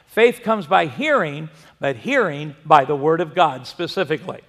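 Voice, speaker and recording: A man's voice: fairly high pitch, expressive, normal speed, fairly bright tone, big-room sound. A man preaching a sermon, telling a folksy story and asking the congregation questions. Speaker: pastor.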